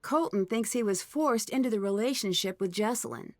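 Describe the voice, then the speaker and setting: An actress voicing a curious young woman detective in a mystery video game, calm and matter-of-fact. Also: mid-range voice, fairly quick, dry recording, studio quality, close to an everyday voice.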